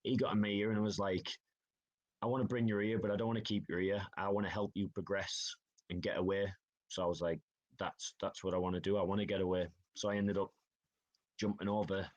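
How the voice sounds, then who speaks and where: An ice hockey player from Northeast England tells stories as a guest in a casual podcast interview, chatty and saying "aye" and "like." His voice is deep and flat, and he talks briskly.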